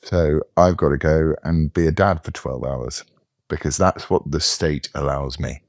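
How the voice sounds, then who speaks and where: A middle-aged man co-hosting a casual podcast chat, halting and repeating words as he starts. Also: very deep voice, steady tone, no room sound, clean studio sound. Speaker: co-host.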